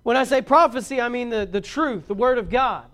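A man preaching a sermon as a pastor, folksy and rising louder on key points. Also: very high-pitched, a little fast.

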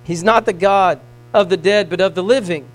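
A man preaching a sermon, reading scripture in old biblical wording and swinging between emphatic swells and hushed passages. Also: high-pitched, moderate pace, rough recording. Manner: reads scripture in King James wording. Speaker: pastor.

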